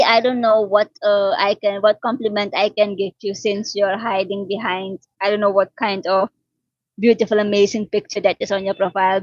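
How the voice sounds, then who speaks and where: A mid-range woman's voice, recorded as dull, dry, lo-fi audio, belongs to a livestream host from Suriname. Chatting casually with viewers from her home in Delhi, she answers their comments and teases them.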